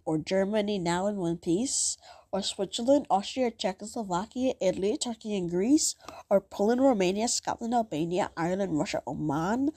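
A woman's voice: mid-range voice, moderate pace, mellow, no echo, studio quality. A woman hosting a podcast in a casual, self-mocking, rambling way. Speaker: podcast host.

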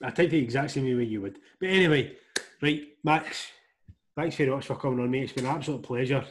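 A man's voice: medium pitch, fast talker, slight background noise. Scottish guy hosting a podcast, friendly and jokey, keeps the questions going. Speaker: podcast host. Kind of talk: casual chat.

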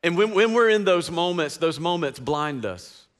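Male pastor, sermon, casual slangy delivery, high voice. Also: animated, moderate pace, a bit bright. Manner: casual slangy preaching, conversational asides to congregation.

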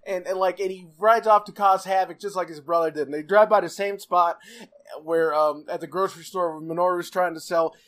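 A man's voice: high-pitched, steady tone, a little fast, fairly bright tone. A man co-hosting a casual podcast, swearing freely, laughing often and acting out characters' lines as he recaps a show.

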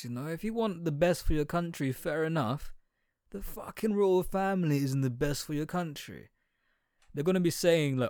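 A man's voice: on the high side, expressive, normal speed, no room sound. Young man ranting, dry sound. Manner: sarcastic, blunt, full of slang and fillers. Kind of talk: profane ranting monologue.

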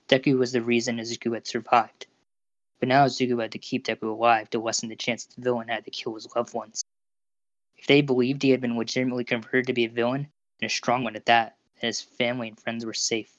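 A narrator reading fan fiction aloud in a steady, even manner over a Discord call. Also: mid-range voice, dry recording. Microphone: Discord voice call recording. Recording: dull lo-fi Discord audio.

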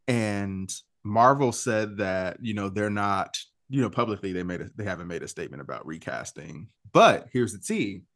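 A man co-hosting a casual pop culture podcast, talking in an animated, gossipy way with quick asides and laughs. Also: fairly low pitch, no echo, studio quality. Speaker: podcast co-host.

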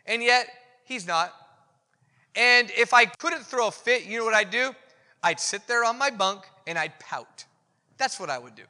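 A man with a high, sharp-edged voice preaches in a relaxed, conversational way, candid and poking fun at himself. The sound rings with the long reverb of a big hall. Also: measured pace. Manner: candid, self-deprecating, animated storytelling. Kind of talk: conversational sermon.

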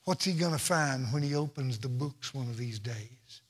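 A man's voice: medium pitch, normal speed, breathy edge, long reverb tail. A man preaching a sermon from the pulpit, with an emphatic, repetitive cadence. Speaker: pastor.

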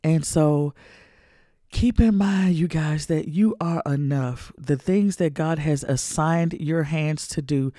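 A woman's voice: low voice, slow, dark tone, no echo, studio quality. Emotional, preachy woman podcast host. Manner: emotional, preachy, repeats phrases for emphasis. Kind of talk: faith-based personal podcast talk.

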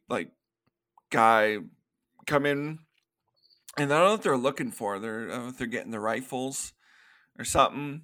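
A man with a bright, forceful voice co-hosts a casual podcast. He walks through film scenes and breaks into quick acted-out quotes, laughing often as he goes. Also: mid-range voice. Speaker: podcast co-host. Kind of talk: casual movie recap chat.

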